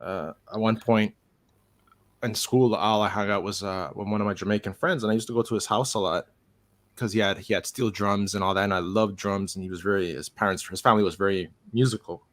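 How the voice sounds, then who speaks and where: A man from Montreal hosting a casual live stream chat, jokey and quick to laugh. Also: on the low side, steady tone, a bit bright. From Montreal, Canada. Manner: laughs often, jokey, slips into accents.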